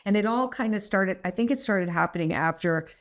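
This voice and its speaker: A middle-aged woman, a podcast guest, telling personal stories in a rambling, animated way and laughing often. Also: medium pitch, a little fast. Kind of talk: candid storytelling interview.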